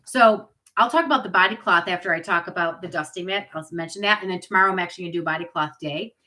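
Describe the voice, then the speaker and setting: Bright-voiced chatty woman demoing products. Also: lowish voice, fast talker, low-quality recording. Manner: chatty and upbeat, with asides to viewers. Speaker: product party host. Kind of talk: live product demo.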